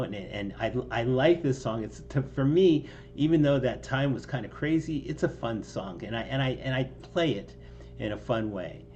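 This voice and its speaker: A man's voice: medium pitch, a little mellow, muffled recording, a little hiss or hum. Rambling, self-mocking man musician. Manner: rambling and self-deprecating, with many ums and restarts, laughing now and then. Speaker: songwriter explaining his song. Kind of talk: casual line-by-line song breakdown.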